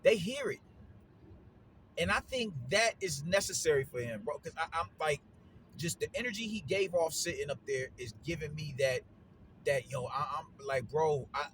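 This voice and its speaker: A man talking through a boxing card in casual solo commentary, with a slightly higher voice than most men. His delivery is slangy and animated, full of repeats and fillers. A faint hiss of noise runs underneath. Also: normal speed.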